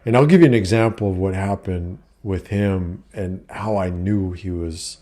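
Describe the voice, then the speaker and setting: A man's voice: low voice, normal speed, warm tone. A middle-aged man telling a personal story in a casual vlog, blunt and profane, with lots of fillers. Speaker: vlogger giving life advice.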